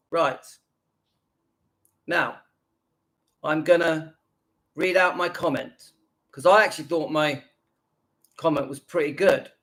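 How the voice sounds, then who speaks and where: A man's voice: on the high side, slow, pauses often, a bit bright. A man, hosting his own channel and ranting indignantly in a reaction video, repeating his points with emphasis. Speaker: YouTube channel host.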